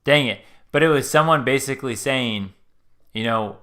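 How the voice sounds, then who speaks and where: A man hosting a live stream with a bright, forward voice in middle pitch. He talks in a loose, rambling way, earnest and opinionated, and often trails off mid-thought. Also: normal speed. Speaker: live stream host reacting to a video. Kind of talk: casual commentary.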